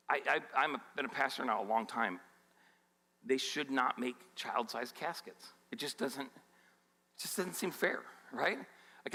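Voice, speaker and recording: A man's voice: mid-range voice, sharp tone. A male pastor preaching a sermon in a candid, conversational way, with asides to the congregation. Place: church auditorium. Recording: long reverb of a church hall.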